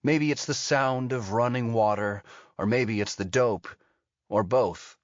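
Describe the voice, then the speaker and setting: Slow-reading man narrating a thriller. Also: mid-range voice, no echo. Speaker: audiobook narrator. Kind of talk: scripted narration. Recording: dull lo-fi audio.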